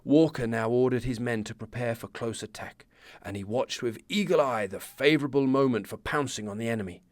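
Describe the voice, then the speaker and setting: A man's voice: mid-range voice, a little fast, no room sound. Man narrating a history podcast, dry sound. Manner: storytelling with casual asides. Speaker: podcast host.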